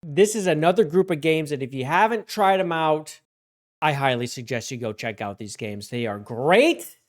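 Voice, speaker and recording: A woman's voice: deep voice, expressive, moderate pace, faint music behind. A woman hosting a comedic award show, rambling with sarcastic asides and bursts of mock panic.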